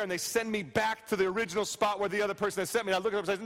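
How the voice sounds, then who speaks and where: A pastor preaching a sermon to his congregation, repeating key phrases and sinking soft and slow on them, with quick storytelling asides. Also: high voice, fairly even intonation, big-room sound. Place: church sanctuary.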